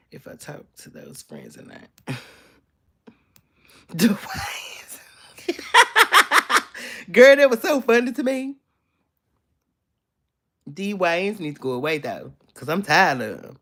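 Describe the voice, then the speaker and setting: A young woman, chatting playfully with viewers on a casual live stream from her bed. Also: low voice. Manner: playful, sassy, teasing. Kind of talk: casual chat reading viewer comments. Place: bedroom, in bed.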